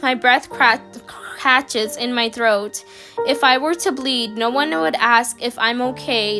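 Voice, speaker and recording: A woman with a high voice tells a story in the first person, soft and halting as she works through her thoughts. Music plays clearly behind her throughout. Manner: soft, halting inner monologue.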